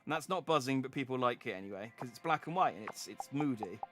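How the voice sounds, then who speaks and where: Bright, animated streamer. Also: male voice, mid-range voice, fast talker, faint music behind. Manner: animated, reads dialogue aloud and tries out accents. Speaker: game streamer. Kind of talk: casual gameplay commentary.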